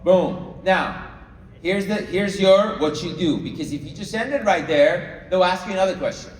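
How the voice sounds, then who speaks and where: A man's voice: high-pitched, expressive, normal speed, a little hiss or hum. Man coaching a crowd in an echoey hall. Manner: coaching, checks in with the audience often. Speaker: sales trainer. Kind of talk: live training talk to a room. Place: large room with an audience. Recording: echoey hall, mic far off.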